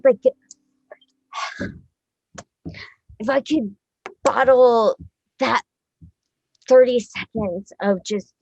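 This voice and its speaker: A woman in her thirties, a musician being interviewed, talking in a rambling, excitable way, swearing freely and laughing often. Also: fairly high pitch, extremely slow, vocal fry, long pauses, no echo, lo-fi sound. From Texas. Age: 30s. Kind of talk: casual chat.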